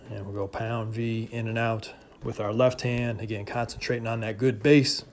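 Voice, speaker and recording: A young adult man in his home garage, giving steady, casual basketball workout instruction in a voice-over. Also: lowish voice, normal speed. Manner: calm, steady coaching with casual fillers. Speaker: basketball trainer.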